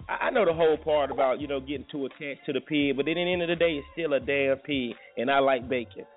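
Hosting a relaxed morning radio show, a man with a mid-range voice speaks quickly, rambling, cracking jokes and restarting many times. Faint music plays under tinny, phone-like audio.

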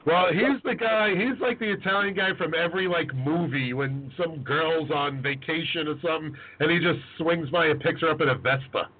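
A man hosting a casual food podcast, teasing and joking with his guest. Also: fairly high pitch. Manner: joking, teasing, quick back-and-forth. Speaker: podcast host. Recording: phone-like lo-fi audio.

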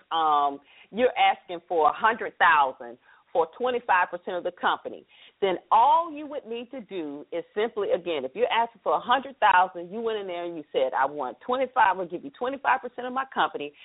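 A woman hosting a talk radio show, chatty and upbeat, explaining things to her listeners. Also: mid-range voice. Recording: tinny phone-line broadcast.

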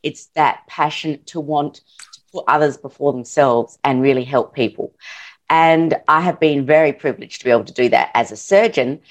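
A middle-aged woman with an Australian accent talks through her work as a podcast guest. Her voice sits very low for a woman. She sounds earnest and thoughtful, and she pauses to find her words. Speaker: surgeon and author, podcast guest. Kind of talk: casual interview answers.

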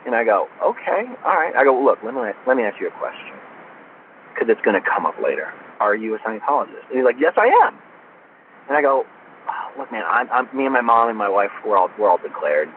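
A man's voice: medium pitch, fast talker. A man from Florida as an interview guest, telling an anecdote casually and acting out the dialogue. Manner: animated anecdote teller, acts out dialogue. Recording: tinny phone line with faint noise.

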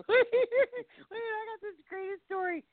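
A woman co-hosting a casual radio chat, telling animated stories full of exclamations and laughter. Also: very high-pitched, a little slow, no echo. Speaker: co-host. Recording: tinny phone-like line, dry.

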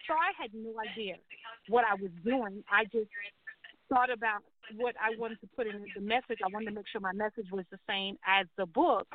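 A woman's voice: mid-range voice, normal speed. Woman on a tinny call. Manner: animated, acts out quoted voices. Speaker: guest telling her life story. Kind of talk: personal storytelling in an interview. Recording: tinny phone-like call audio.

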